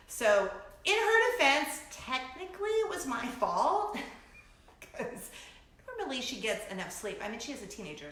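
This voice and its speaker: Middle-aged woman, vlog host, casual chat; bright, animated, laughs a lot; roomy echo. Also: medium pitch. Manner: animated storytelling, breaks into laughter, acts out shrieks. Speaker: vlogger host.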